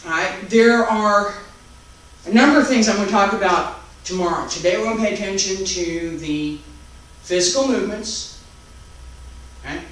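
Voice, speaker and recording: A man teaching a taiji class online, calmly calling out each movement, breath and count step by step. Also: sits high. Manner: calm, unhurried step-by-step cueing and counting. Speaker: taiji instructor. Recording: very echoey room, mic far off, faint background noise.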